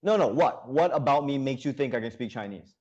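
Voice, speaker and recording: A man's voice: mid-range voice, animated, fairly quick, a little mellow, lo-fi sound. A man doing comedic sketch banter as a correspondent, mock-indignant and heated, with lots of uh fillers.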